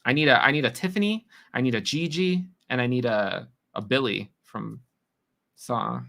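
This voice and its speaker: Bright-voiced chatty male streamer. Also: mid-range voice, creaky. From New York. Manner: chatty, teasing, quick reactions to chat. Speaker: livestream host. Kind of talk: casual livestream chat reading comments.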